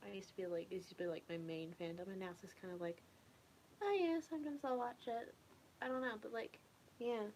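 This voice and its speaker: A young woman chatting casually with viewers in a relaxed, rambling way, often trailing off into a near whisper. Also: on the low side, fast talker, slight background noise. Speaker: ASMR streamer chatting with viewers. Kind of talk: casual soft-spoken chat.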